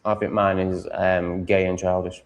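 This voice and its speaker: Man, low voice, crude, mocking, rambling live-stream chat. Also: flat delivery, moderate pace. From Sheffield, England. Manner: crude, mocking, swears freely.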